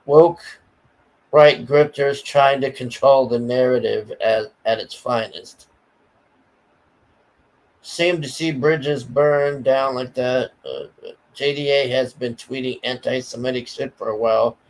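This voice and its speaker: A man's voice: mid-range voice, steady tone, takes it slowly, poor audio. A man ranting in a casual, profane way, telling a story bluntly and often stammering as he goes. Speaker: commentary streamer.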